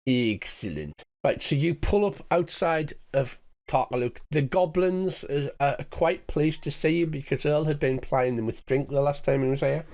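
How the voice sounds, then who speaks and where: A man's voice: on the high side, normal speed, few pauses, a little mellow. Man running a tabletop game. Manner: descriptive, chatty scene-setting. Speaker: game master.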